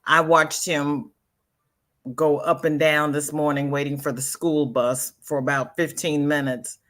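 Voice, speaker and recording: A woman's voice: low-pitched, unhurried, fairly bright tone. An older woman hosting a live crochet stream, chatting casually with viewers in a sassy, emphatic way, often repeating herself. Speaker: livestream host.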